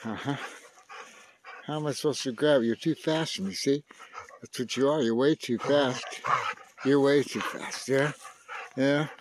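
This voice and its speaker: A man's voice: medium pitch, a little slow, long pauses, a little hiss or hum. An older man talking casually to his dog, coaxing and teasing it with mild curses. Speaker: dog owner playing with his pet.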